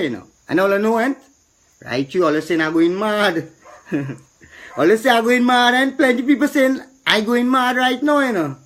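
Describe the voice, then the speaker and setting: A man's voice: high-pitched, a bit bright. A middle-aged man with a Trinidadian accent, complaining with indignation and repeating himself, rising to a preacherly tone. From Trinidad and Tobago. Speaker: citizen speaking out. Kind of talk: impassioned street complaint.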